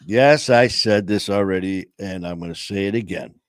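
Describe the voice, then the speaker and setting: A man's voice: low-pitched, normal speed, no echo. A middle-aged man hosting a live studio show, chatting loosely with lots of fillers and restarts and telling jokes. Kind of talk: rambling casual chat with joke-telling. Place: small studio. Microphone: studio mic.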